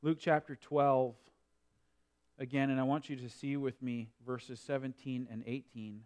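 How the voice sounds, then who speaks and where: A man preaching a sermon, swinging between quiet explanation and loud emphatic preaching. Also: medium pitch, little pitch movement, a little slow. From North Dakota. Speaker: pastor.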